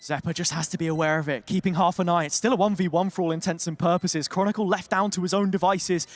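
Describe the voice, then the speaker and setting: High-voiced man calling esports play-by-play. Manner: fast, rising excitement on big plays. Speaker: esports caster. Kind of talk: play-by-play commentary.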